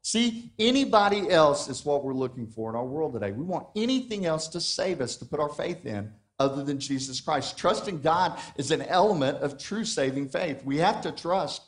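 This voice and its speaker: A middle-aged man preaching a sermon, asking the congregation questions and swinging between soft and loud passages. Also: on the high side, lively intonation, moderate pace, hardly any pauses. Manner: dynamic preaching with questions and acted quotes. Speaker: pastor.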